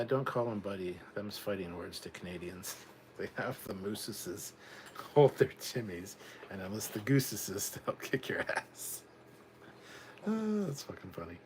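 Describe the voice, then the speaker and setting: A man with a fairly low voice talks through a home livestream, reading out viewer comments and drifting into chatty tangents. His delivery is loose and casual, with the odd swear. A faint background hum sits under the recording. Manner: chatty, rambling, reads viewer comments aloud. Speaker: livestream host reading chat.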